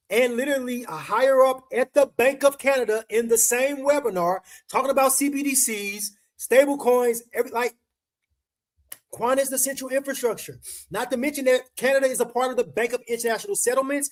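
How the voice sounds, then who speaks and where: A man hosting a casual crypto livestream, talking to viewers in slangy, emphatic chat and repeating words for stress. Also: extremely high pitch. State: emotional, choked up.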